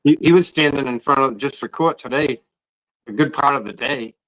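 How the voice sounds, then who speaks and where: A man's voice: mid-range voice, a little fast, a bit bright, low-quality recording. A man, talking casually and rambling about protesting outside a court, often restarting his sentences. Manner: rambling, repeats words when starting sentences. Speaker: guest protester. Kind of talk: casual podcast chat.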